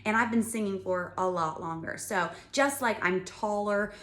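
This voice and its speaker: A woman's voice: mid-range voice, moderate pace, a bit bright, echoey room. A woman teaching a music lesson to young children, talking and singing patiently and explaining each step. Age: adult.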